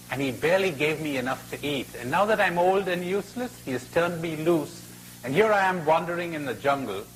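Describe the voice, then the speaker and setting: A man's voice: fairly high pitch, fairly bright tone, a little hiss or hum, poor audio. Old donkey in a told fable: weary, bitter ; a man doing the voice. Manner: weary, slow.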